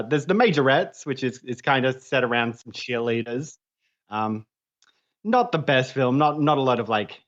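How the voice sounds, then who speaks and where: A man with an Australian accent, chatting casually as a guest correspondent on a podcast, laid-back and quick to laugh. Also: medium pitch. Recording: slightly dull lo-fi audio.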